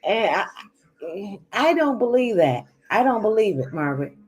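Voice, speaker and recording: A woman's voice: mid-range voice, big pitch swings, a little slow, husky. A woman hosting a casual chat, chiming in with short reactions and questions. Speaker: host of a chat stream.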